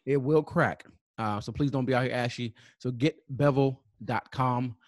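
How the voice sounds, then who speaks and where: A man co-hosting a podcast, giving casual sponsor shout-outs and spelling out web addresses slowly, with many fillers. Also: medium pitch, dry recording, studio quality. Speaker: podcast co-host.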